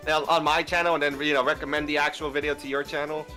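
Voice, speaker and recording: Streamer host, male, easygoing rambler, bright tone. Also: a little high, little pitch movement, quick pace, faint music behind. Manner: rambling, restarts often, easygoing. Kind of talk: casual stream chat.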